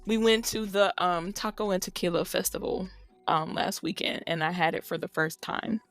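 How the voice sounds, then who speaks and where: A woman's voice: lowish voice, normal speed, no room sound, faint music behind. A middle-aged woman co-hosting a podcast, telling a long story in casual, profane chat. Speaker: podcast co-host.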